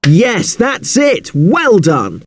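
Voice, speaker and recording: A male teacher takes the listener through spelling rules in a scripted lesson, politely apologizing for the exceptions. His voice sits high and swings widely in pitch. The sound is dry and close. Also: wildly swooping pitch, drawn-out words, no room sound.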